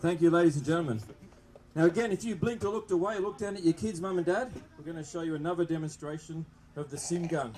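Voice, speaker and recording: A man with an Australian accent presenting a police demonstration to a crowd outdoors, joking and chatting with the children over a loudspeaker microphone. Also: a little high, fast, noisy background. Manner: jokey, upbeat, chatting with the kids in the crowd. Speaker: police presenter at a public open day. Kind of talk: public address to a live crowd. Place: outdoor public event. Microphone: microphone through loudspeakers.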